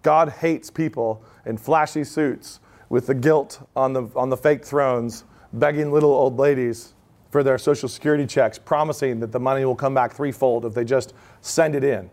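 Telling stories in a loose, conversational style peppered with asides, a man in his thirties gives an informal talk at a live event. His mid-range voice is a little mellow, with fairly even intonation and normal speed.

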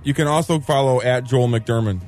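A man co-hosting a radio talk show, relaxed and a bit hesitant. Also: medium pitch, a little fast, faint music behind.

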